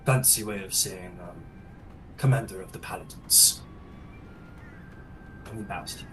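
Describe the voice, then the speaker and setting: A man narrating as game master of a tabletop game, relaxed, with many fillers. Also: deep voice, unhurried, pauses often, noisy background.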